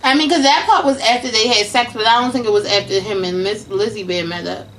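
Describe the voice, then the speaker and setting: A woman's voice: on the high side, quick pace, a bit bright, slight background noise. A woman co-hosting a casual TV recap chat, blunt and teasing, with plenty of swearing. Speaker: co-host of a TV recap show.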